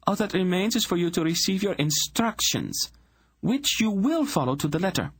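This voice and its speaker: A man's voice: high-pitched, very animated, normal speed, husky, voice pushed up, heavily acted. A man voicing a stern young queen who gives cold, clipped royal commands. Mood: icy command.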